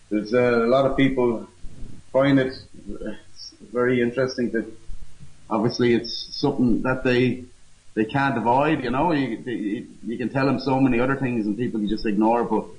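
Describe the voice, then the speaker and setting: A man, a guest speaking casually and haltingly with many fillers. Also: medium pitch, fairly even intonation, darkish tone, lo-fi sound. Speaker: guest campaigner. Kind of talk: casual phone interview.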